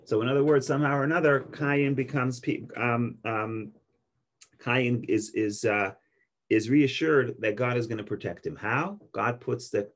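A man teaching a Torah class on Genesis, speaking slowly with many restarts and quoting Hebrew. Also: medium pitch, fairly even intonation. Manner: slow, searching, with restarts and Hebrew quotes.

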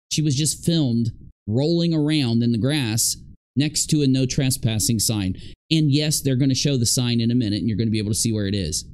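A man's voice: medium pitch, darkish tone. A man giving indignant reaction commentary on video clips, stressing points by repeating them.

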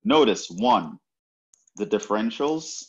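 A man's voice: fairly low pitch, animated, takes it slowly, muffled recording. A man lecturing on math, explaining step by step and often checking in with "right?". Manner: explanatory, repeats points, frequent "right?" checks. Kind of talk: university lecture.

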